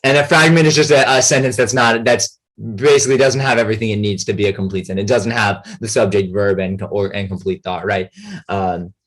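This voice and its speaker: A man giving a relaxed, rambling grammar lesson as a tutor, full of fillers and check-ins with his students. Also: lowish voice, fairly quick.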